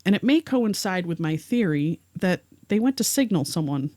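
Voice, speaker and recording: A woman's voice: lowish voice, lively intonation, normal speed, dark tone, no room sound, studio quality. A woman co-hosting a podcast, narrating a first-hand story and reading the witness's words aloud. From rural area. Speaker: podcast co-host.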